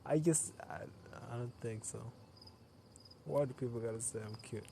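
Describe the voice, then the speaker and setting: A man's voice: mid-range voice, moderate pace, dark tone, slight background noise. Tired young man streaming outdoors at night. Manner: tired, loose, laughs often, chatty with viewers. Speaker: live streamer. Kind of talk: casual late-night live stream chat.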